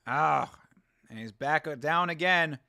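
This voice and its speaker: A man hosting a fight watch-along, giving casual, excitable reaction commentary. He yells at the fighters, laughs often and sits close to the mic. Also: on the high side, takes it slowly, gravelly, no room sound.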